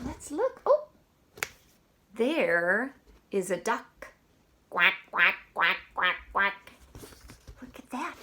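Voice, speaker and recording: A woman reading a picture book aloud to young children in a slow, sing-song way, often asking questions. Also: high-pitched, fairly bright tone.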